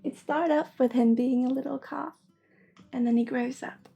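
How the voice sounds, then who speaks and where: A woman from Sweden hosting a casual livestream, soft-spoken and giggly, often slipping into a whisper. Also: high-pitched, steady tone, moderate pace, vocal fry, slightly rough, lo-fi sound, soft background music. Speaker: livestream host and intuitive reader. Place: home room with shelving.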